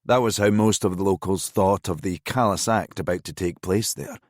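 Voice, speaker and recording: Deep-voiced male audiobook narrator. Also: no echo, studio quality. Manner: measured, even-toned reading. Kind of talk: scripted narration.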